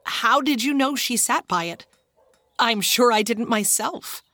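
A woman's voice: on the high side, animated, unhurried, sharp tone, full character voice. A woman voicing an earnest teenage boy in a storybook reading. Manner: earnest, eager.

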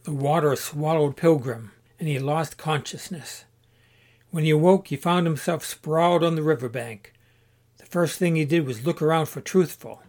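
Man, story narrator, steady measured reading, a bit high-pitched. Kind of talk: scripted audiobook narration.

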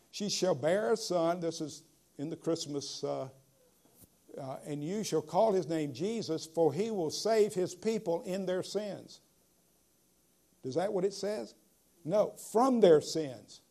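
A man preaching a sermon, emphatic, slowing down to stress key phrases, with frequent "uh" fillers. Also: sits high, mellow.

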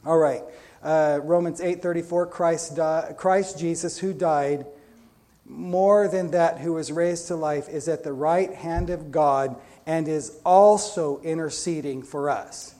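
A man preaching a Pentecostal sermon as pastor, energetic, with frequent restarts and repeated words. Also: fairly high pitch, slow pace.

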